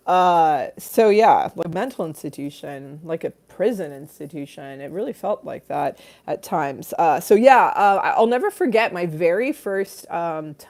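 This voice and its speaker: Woman, middle-aged, somewhat low voice, casual livestream host, chatty storytelling, frequent laughter, acts out quoted voices. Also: animated, a little slow, a little mellow.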